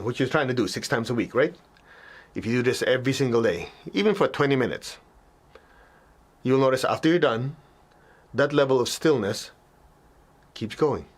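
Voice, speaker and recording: A man giving a spiritual teaching talk as a meditation teacher, talking conversationally, often checking in with listeners and acting out reactions with sudden high yelps.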